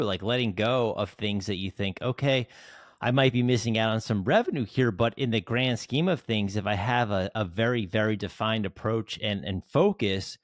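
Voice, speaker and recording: A man's voice: lowish voice, no echo, clean studio sound. A man from South Jersey hosting an interview podcast, talking casually and at length, full of fillers and restarts. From South Jersey, United States. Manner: chatty, rambling, many fillers and restarts. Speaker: podcast host.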